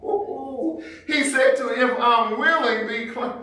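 High-voiced preacher in an echoey church. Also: male voice, slow pace, sharp tone. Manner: conversational Black church preaching, acting out everyday scenes. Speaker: pastor. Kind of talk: sermon. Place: church sanctuary. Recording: very echoey church hall, distant mic.

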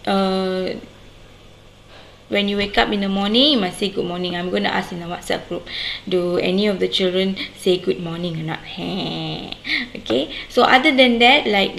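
A woman teacher, explaining a lesson to young children slowly and patiently and often checking with "okay?". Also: mid-range voice, vocal fry, roomy sound, a little hiss or hum, rough recording. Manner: slow, patient, sing-song explaining with many "okay?" checks. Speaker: primary school teacher.

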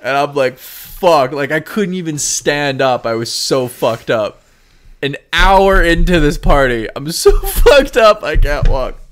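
A man's voice: fairly high pitch, expressive, measured pace, fairly bright tone. A young man co-hosting a podcast, telling a long rambling story in casual chat, packed with "like", swearing and bursts of laughter. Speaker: podcast co-host.

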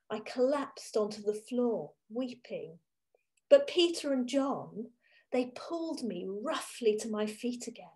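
A woman giving a first-person dramatic monologue as a grieving, devoted woman disciple from ancient times, telling it slowly and with emotion. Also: on the high side, darkish tone. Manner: slow, emotional, intimate storytelling. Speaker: church reader.

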